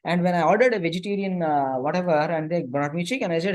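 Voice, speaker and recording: A man's voice: on the high side, quick pace. A man giving a religious class lecture to young people, telling stories and checking in with his listeners through frequent "okay?" and "right?". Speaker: youth class teacher.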